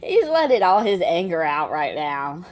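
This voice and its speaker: A woman's voice: on the low side, very animated, normal speed, darkish tone. A woman chatting casually as she reacts to a video clip, exclaiming and laughing between remarks.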